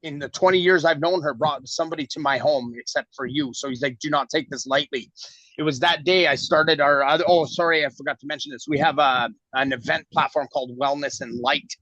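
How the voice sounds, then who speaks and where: A man's voice: fairly high pitch, brisk, dry recording. Middle-aged guy from canada telling a story in an interview, acts out the quotes, dry dull sound. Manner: animated storyteller acting out quoted dialogue. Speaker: guest. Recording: dull lo-fi audio.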